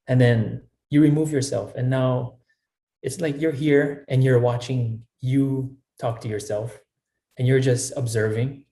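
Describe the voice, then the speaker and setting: A man's voice: mid-range voice, steady tone, a little slow, mellow. Earnest man giving advice in an echoey room. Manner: repeats words, frequent "you know" asides. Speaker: podcast guest.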